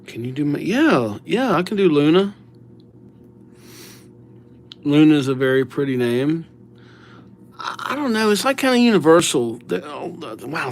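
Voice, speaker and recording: A man's voice: on the high side, a little mellow. A middle-aged man hosting a livestream, chatting casually and greeting viewers by name with playful nicknames. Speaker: livestream host writing viewers' names.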